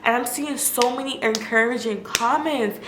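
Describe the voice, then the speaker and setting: A woman's voice: fairly high pitch, normal speed. A young woman vlogger telling a personal story in a candid, casual way, with lots of "like" and cursing. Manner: candid and emotional, filler-heavy, swears freely. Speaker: food vlogger. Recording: echoey room with faint noise.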